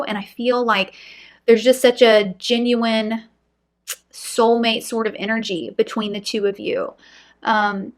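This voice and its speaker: A woman giving a pick-a-card tarot reading to her viewers, earnest and reassuring, often pausing on "um" and "you know" and checking in with "okay?". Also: mid-range voice, a bit bright. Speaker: tarot reader.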